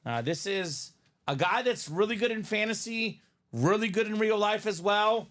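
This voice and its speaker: A man's voice: high-pitched, animated, moderate pace, fairly bright tone. Chatty male breaks host. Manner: upbeat, chatty, reads viewer names aloud. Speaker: host of a live card break stream. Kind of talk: live stream banter and play-by-play.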